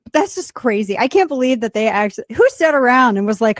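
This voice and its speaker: A woman's voice: on the high side, dry recording, studio quality. Sarcastic woman talk show host. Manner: mocking, animated, quick asides. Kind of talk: sarcastic political commentary.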